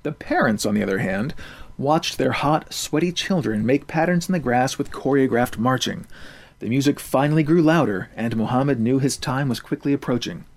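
A man narrating a story in a steady, even reading voice. His pitch sits in a middle range for a man. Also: moderate pace.

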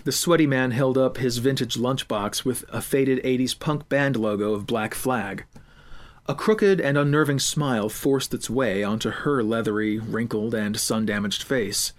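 A man's voice: medium pitch, a little slow. Man narrating an audiobook. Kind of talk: scripted narration.

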